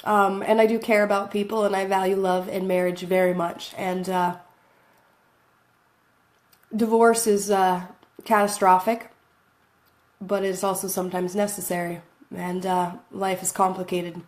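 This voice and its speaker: A woman's voice: mid-range voice, little pitch movement, measured pace, pauses often, a little mellow. Rambling woman vlogger, self-mocking. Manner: rambling, self-deprecating, laughs often. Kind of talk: casual talk to camera. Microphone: phone camera.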